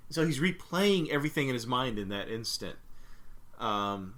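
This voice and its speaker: A man co-hosting a film podcast recaps scenes in a casual chat, full of fillers and self-corrections. His mid-range voice is animated and a bit bright, moving at a moderate pace.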